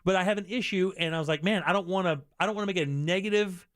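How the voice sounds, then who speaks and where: A man hosting a call-in radio show, chatting casually, animated and self-deprecating, often restarting his sentences. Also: high-pitched, fast talker, no echo, clean studio sound.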